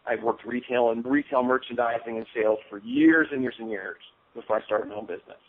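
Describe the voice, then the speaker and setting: A man's voice: medium pitch, expressive, fast talker, creaky, a little hiss or hum. A man giving a casual motivational coaching talk on a call, often checking in with "okay?". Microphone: phone call. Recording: phone-line audio.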